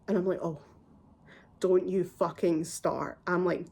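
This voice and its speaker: A woman's voice: lowish voice, fairly even intonation, measured pace, creaky, long pauses, darkish tone, slightly rough. A woman in her twenties retelling a story casually and heatedly, swearing often and acting out both sides of the conversation. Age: 20s. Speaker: vlogger.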